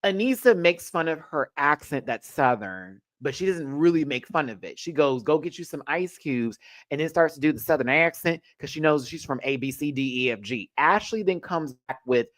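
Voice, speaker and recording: A man's voice: a little high, lively intonation, normal speed, hardly any pauses, a bit bright, dry recording. A man hosting a casual pop culture rant show, chatty, sassy and profane, full of asides.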